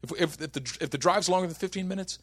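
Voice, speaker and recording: A man's voice: high voice, fast. A man in his thirties preaching a sermon, telling funny family stories and building to impassioned preaching. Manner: storytelling, humorous then building to impassioned preaching. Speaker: pastor.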